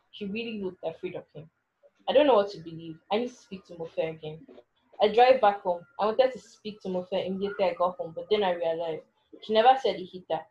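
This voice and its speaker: A woman's voice: mid-range voice, a little mellow, lo-fi sound. Woman narrating an anxious first-person story.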